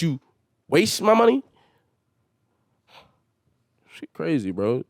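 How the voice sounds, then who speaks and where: A man's voice: medium pitch, normal speed, a little mellow, no room sound, clean studio sound. A man hosting a solo podcast, venting in a heated and exasperated way with emphatic swearing. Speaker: podcast host.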